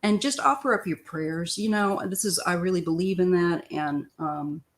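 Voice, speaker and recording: A woman's voice: lowish voice, moderate pace. Older woman chatting through a tarot reading. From Missouri, US. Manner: rambling, chatty, frequent throat clearing. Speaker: tarot reader. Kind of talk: live-stream tarot reading.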